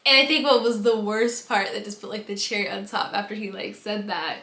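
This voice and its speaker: Woman, from the United States, storytime vlog, bright tone, echoey room. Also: mid-range voice, fairly quick. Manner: animated storytelling with dramatic replayed reactions. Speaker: vlogger.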